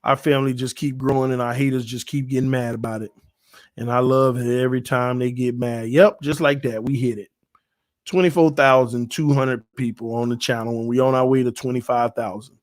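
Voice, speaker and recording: A man in his thirties hosts a casual sports livestream from home, speaking. His delivery is loose and slangy, with a mid-pitched voice and a dry, close sound. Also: brisk, no room sound. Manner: animated, laughs loudly, slangy. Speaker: channel host.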